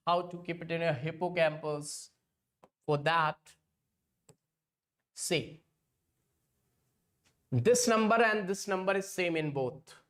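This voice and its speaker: A man's voice: sits high, fairly bright tone. A man teaching an online exam-prep lecture. He repeats points again and again and keeps calling his students kids.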